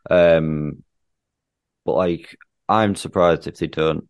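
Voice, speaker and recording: A man's voice: low voice, steady tone, slow pace, clear, resonant tone, dry recording, lo-fi sound. A British man co-hosting a casual wrestling chat, blunt and sweary with frequent ums.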